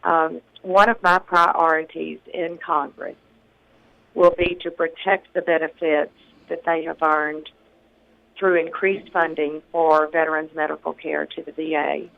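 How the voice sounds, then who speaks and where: A Tennessee congressional candidate in their sixties gives earnest, measured campaign answers in a radio interview, full of ums and restarts, with a slightly rough early-morning voice. The voice is medium-pitched and level in tone, with phone-quality sound.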